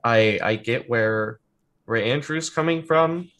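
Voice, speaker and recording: A man's voice: medium pitch, slow, a bit bright. A man voicing an earnest young man about to leave for college in a tabletop game, speaking carefully and hesitantly.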